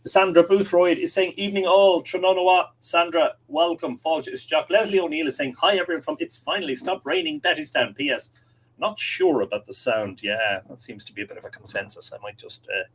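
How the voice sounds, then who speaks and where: A man's voice: fairly high pitch, a little fast, husky, rough recording. An Irish man hosting a casual livestream from home, reading out viewer comments and chatting back to them. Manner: chatty, reads comments aloud and replies. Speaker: livestream host. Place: home room with window open. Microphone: desk microphone, adjusted during stream.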